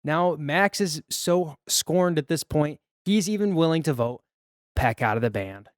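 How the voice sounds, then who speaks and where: A man with a somewhat high voice retells a movie in casual podcast chat. He rambles a little and acts out the characters' lines as he goes. The recording is dry, with no room sound. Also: expressive, measured pace, no room sound. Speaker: podcast co-host.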